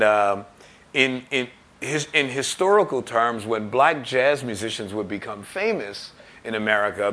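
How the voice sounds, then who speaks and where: Bright-voiced older man telling stories. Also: medium pitch, slight background noise. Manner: lively storyteller, jokes and acts out quotes. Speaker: musician guest. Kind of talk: animated anecdote in interview.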